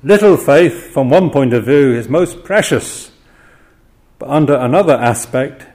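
A man's voice: mid-range voice, expressive, a little slow, a little mellow. An older man preaching an expository sermon, often chuckling between points and voicing the quoted cries with drama.

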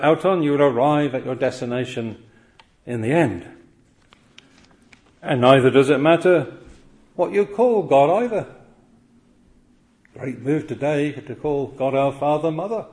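A man's voice: a little high, lively intonation, measured pace, pauses often, a little mellow. A man preaching a sermon, earnest and emphatic, often pressing his point with rhetorical questions.

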